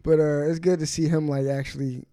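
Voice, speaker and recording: A man's voice: a little high, little pitch movement, fairly quick, a crowd in the background. A man co-hosting a podcast, bantering casually about football with slangy, laid-back talk. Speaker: podcast co-host. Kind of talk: casual sports chat.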